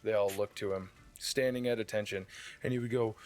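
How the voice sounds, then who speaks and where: A man's voice: on the low side, fairly even intonation, brisk, a little mellow. A man narrating a tabletop game as dungeon master, describing the scene with frequent fillers and restarts.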